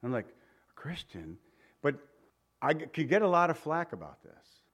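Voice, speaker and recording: A man preaching a sermon, animated and acting out the voices he quotes. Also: fairly high pitch, brisk. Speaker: pastor.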